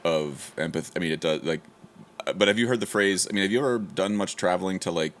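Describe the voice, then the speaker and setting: A man's voice: low voice, quick pace, fairly bright tone. A man from Ohio in casual conversation, rambling with lots of "like" and restarts. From Ohio, USA. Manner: rambling, many fillers and restarts.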